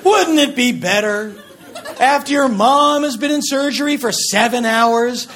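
A man works a stand-up set in a very high, sharp voice. His delivery is sardonic and dry, with the punchlines pushed upward. The live recording carries clear crowd noise from the room. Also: a little slow. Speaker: stand-up comedian. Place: comedy club stage before a laughing audience.

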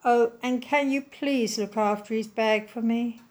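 A woman reading the part of a kind, caring young woman in a children's story, speaking softly and sympathetically. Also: a little high, fairly even intonation, a little slow, close to an everyday voice. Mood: gentle. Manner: soft, sympathetic.

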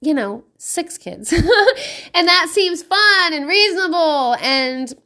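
A woman's voice: very high voice, expressive, takes it slowly, bright, forceful tone. A woman in her thirties chatting casually about parenting, swearing freely, often laughing and saying "like". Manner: chatty, profane, laughing, lots of likes. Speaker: parent podcaster. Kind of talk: casual monologue.

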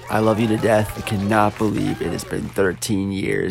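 A man in his thirties, a podcast host speaking sincerely and casually to his daughter, slightly halting at times. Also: on the low side, vocal fry, soft background music. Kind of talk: heartfelt birthday message and casual podcast chat.

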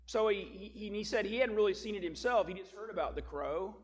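A man's voice: high-pitched, animated, a little fast. A man preaching a sermon as a pastor, telling a story and then explaining scripture with emphatic, rising stress on key words.

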